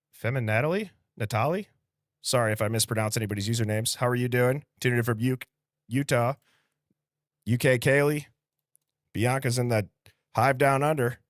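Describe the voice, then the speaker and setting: This livestream host speaks in an American Midwest accent, his medium-pitched voice captured dry and clean in a studio. Upbeat and chatty, he greets viewers casually, reads comments aloud, and laughs lightly through quick shout-outs.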